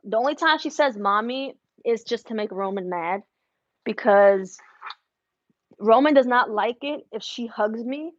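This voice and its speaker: Working through embroidery orders in her home craft studio, a middle-aged business owner chats casually with her live-stream viewers. She speaks in a fairly high voice at a measured pace, and the audio sounds dry and dull.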